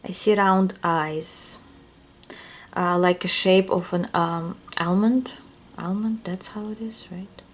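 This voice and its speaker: A woman's voice: on the low side, steady tone, slow. A woman with a non-native English accent gives a casual tarot reading, musing aloud and searching for words. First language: not English. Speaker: tarot reader.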